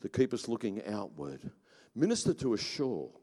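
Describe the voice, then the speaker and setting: A man preaching a sermon with passion, swinging between shouting and hushed emphasis. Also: fairly low pitch, wildly swooping pitch, moderate pace. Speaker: pastor. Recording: long hall reverb.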